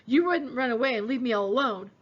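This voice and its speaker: A woman's voice: fairly high pitch, animated, quick pace, breathy edge, lo-fi sound. A woman voicing a frightened, grieving young boy who talks in a shaky, tearful, pleading way. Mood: begging.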